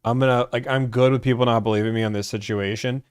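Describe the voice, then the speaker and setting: A man's voice: mid-range voice, fairly even intonation, fast talker, smooth, dry recording, studio quality. Rambling young man streaming. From Georgia, US. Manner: rambling, full of "like" fillers. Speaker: car-buying streamer. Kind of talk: casual live-stream chat.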